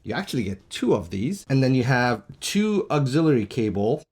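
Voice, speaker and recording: A man's voice: medium pitch, sing-song, moderate pace, darkish tone, husky. A man reviewing a product, casually walking through its features one by one in a plain explanatory way. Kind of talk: casual product demo walkthrough. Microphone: shotgun mic on a stand.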